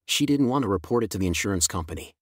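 A man voicing a sad, apologetic middle-aged woman on the phone in a slow, plain way. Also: on the low side, expressive, no echo, clean studio sound.

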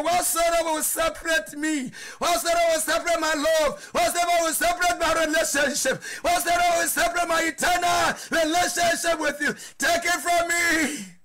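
A Ghanaian man preaching an impassioned sermon as pastor, shouting and crying out, with prayers in Twi. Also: very high voice, level tone, moderate pace, hardly any pauses, noisy background.

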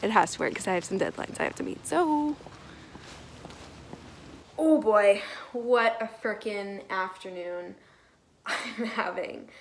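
A woman's voice: medium pitch, rough recording. A woman in her twenties talking casually in a daily vlog, chatty and rambling, laughing often. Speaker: vlogger. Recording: faint background noise.

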